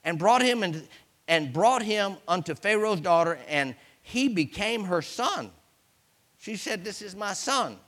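A man preaching a sermon, retelling scripture as an animated storyteller with exclamations. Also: high voice, measured pace, long reverb tail.

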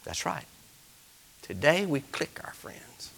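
A pastor preaching with a bright, ringing tone. His pitch leaps and dips all over as he tells homespun stories, and he builds up to loud bursts. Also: very animated, moderate pace. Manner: folksy storytelling preaching, swelling to shouts. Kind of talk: sermon.

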